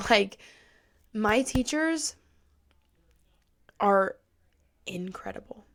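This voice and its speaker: A woman's voice: medium pitch, animated, drawn-out words, a bit bright. Teen girl rambling on her podcast, tons of likes and ums, super casual. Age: teens. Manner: rambling, heavy use of "like" and "um". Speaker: podcast host. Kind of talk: casual solo podcast chat.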